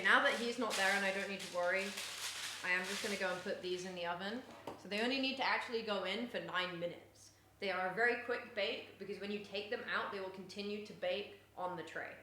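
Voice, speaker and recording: A young woman live-streaming while she bakes at home, chatting casually and often cooing at her cat in a high sing-song voice. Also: bright, forceful tone, a little hiss or hum. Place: home kitchen. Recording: echoey kitchen room sound.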